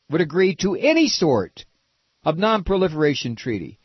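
A sarcastic American man hosts a political talk radio show, his voice slightly raised and lively in pitch. He mocks and rants, jumping from shouts to muttered asides. The sound is dry and dull, like a lo-fi broadcast. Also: moderate pace, slightly rough, no echo. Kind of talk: opinionated talk radio monologue.

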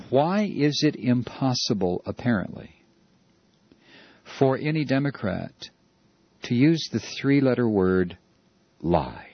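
A man's voice: mid-range voice, very animated, slow pace, pauses often, slightly rough, no echo, muffled recording. A man hosting a political talk radio show, ranting with stammered repeats.

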